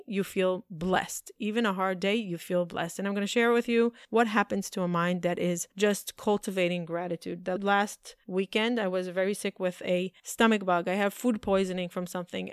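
A woman's voice: mid-range voice, clean tone, no room sound, clean studio sound. A woman hosting a podcast, telling personal stories in an earnest motivational talk. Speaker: podcast host.

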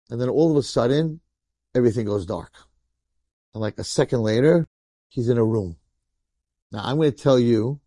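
A man, a rabbi, telling a story in a sermon in a lively, conversational way, acting out the people in it. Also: mid-range voice, dry recording, studio quality. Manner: animated, conversational, acts out quotes.

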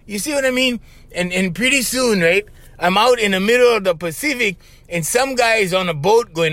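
A man hosting his own podcast in an animated, conspiratorial monologue. He keeps tossing in "bro" and "right?" as he talks. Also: very high-pitched, moderate pace, no echo. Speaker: podcast host. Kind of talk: casual rambling monologue.

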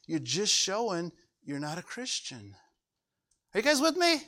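A man's voice: high voice, lively intonation, brisk, fairly bright tone. A male pastor preaching a sermon, emphatic and full of rhetorical questions to the congregation.

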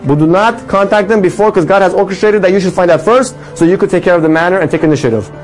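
A man telling a religious story with a moral in an animated sermon style, his voice rising for the dramatic lines. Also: sits high, fast talker, faint music behind, rough recording. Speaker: storyteller teaching a religious lesson.

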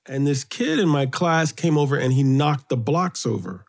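A middle-aged man from Brooklyn, New York, guest in an interview, telling childhood stories in an animated way, his voice lifting when excited. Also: moderate pace. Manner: animated storyteller, rises in pitch when excited. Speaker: guest, children's author and poet. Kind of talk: storytelling interview.

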